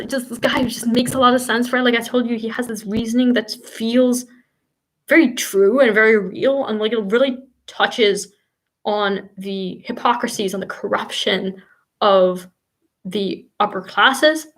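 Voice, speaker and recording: Warm-up host for a literature livestream: a woman, fairly high-pitched, eager and chatty, full of "you know"s. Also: rough recording. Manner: enthusiastic, gushing, with frequent fillers. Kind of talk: casual livestream book discussion. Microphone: home livestream mic.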